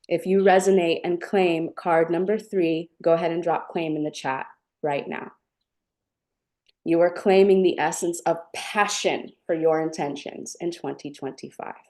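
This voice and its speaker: Woman, spiritual stream host, heartfelt and tender delivery, lower pitch, warm timbre. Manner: gentle, affectionate, heartfelt. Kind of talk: live-streamed spiritual talk with chat.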